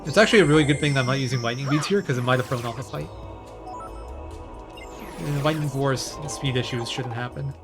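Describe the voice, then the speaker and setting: A man narrates his own speedrun live, in a relaxed and chatty way, thinking aloud as he plays. His voice sits at a middle pitch. Game music plays clearly underneath. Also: brisk, long pauses. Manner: casual, chatty, thinking aloud while playing.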